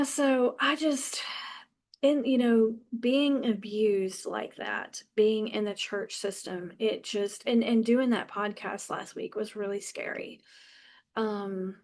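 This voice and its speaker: A woman's voice: a little high, darkish tone. A woman in her fifties hosting a podcast, talking passionately and bluntly in a candid personal monologue, swearing freely and often restarting her sentences. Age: 50s. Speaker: podcast host.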